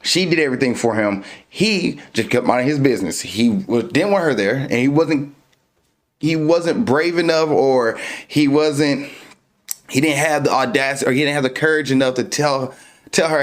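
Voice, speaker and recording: A man's voice: medium pitch, a little fast. A man hosting a dating show, casually breaking down a clip and giving advice in a rambling way. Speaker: podcast host.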